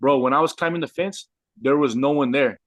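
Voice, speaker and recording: A man from Southern California tells his life story in casual, animated speech, dropping "bro" every few words. His voice sits at an ordinary middle pitch. The recording is dry and close, with no room sound. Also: fairly quick, dry recording. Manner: animated, says "bro" constantly. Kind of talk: casual storytelling with street slang.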